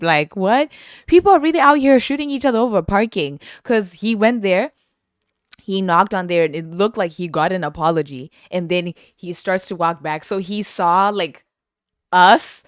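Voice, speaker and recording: A young woman from western Canada, hosting a podcast and telling a story in an animated way, laughing often and acting out what people said. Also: lowish voice, dry recording, studio quality. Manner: animated, laughs often, heavy use of "like", acts out quotes. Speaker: podcast host. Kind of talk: casual storytelling.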